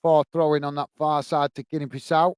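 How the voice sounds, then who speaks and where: A man hosting a football watch-along, commentating on the match and chatting warmly with viewers in the chat. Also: on the high side, level tone, fairly quick, clean tone, no room sound. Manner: chatty, says "mate" a lot, reads chat messages aloud.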